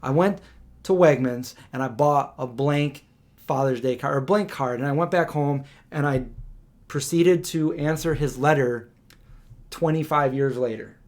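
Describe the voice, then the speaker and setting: A man hosting a live question-and-answer stream, telling a family story in an animated, conversational way with frequent restarts and fillers. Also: a little slow. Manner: animated storyteller, acts out quotes with raised pitch.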